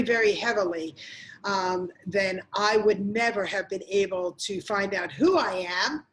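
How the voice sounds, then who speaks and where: A middle-aged woman giving a motivational talk to camera, speaking emphatically and repeating key phrases straight to the viewer. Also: medium pitch. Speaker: motivational speaker on domestic violence.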